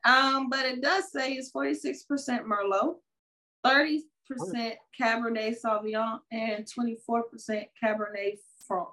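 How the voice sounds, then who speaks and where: A woman's voice: fairly high pitch, fairly even intonation, moderate pace, pushed and bright. A woman co-hosting a casual podcast, chatting playfully and reading wine labels aloud. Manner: playful, sign-off announcer flourishes. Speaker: podcast co-host. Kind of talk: casual chat.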